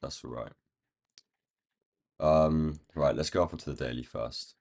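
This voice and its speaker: A man with a croaky, rough-sounding voice, thinking aloud in casual commentary as he marks up trading charts on a live stream. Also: a bass voice, a little slow, a little mellow. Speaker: day trading livestream host.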